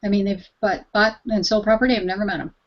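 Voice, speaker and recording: A woman's voice: medium pitch, fairly even intonation, quick pace, dull audio, slight background noise. A woman working as a realtor, asking questions in a casual conversation, candid and chaining her thoughts with "and then". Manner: candid, talks in run-on strings of "and then".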